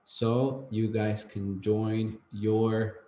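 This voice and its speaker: A man with Spanish as his first language teaching an English class, relaxed and rambling, checking in with "okay?" often. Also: on the low side, extremely slow, background noise. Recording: roomy echo.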